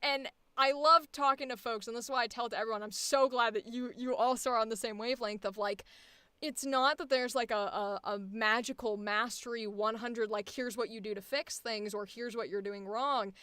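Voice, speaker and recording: Female voice acting coach and host, smooth voice on the higher side, rambling and profane. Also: steady tone, brisk, pushed and bright, no echo. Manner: rambling, swears freely, laughs often. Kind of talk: casual coaching chat.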